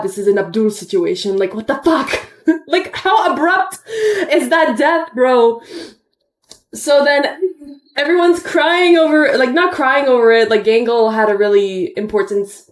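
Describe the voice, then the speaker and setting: A woman's voice: on the high side, moderate pace, reverberant. A woman chatting casually and animatedly, retelling what happened with bursts of laughter. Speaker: co-host reacting to a show finale. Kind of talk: casual chat.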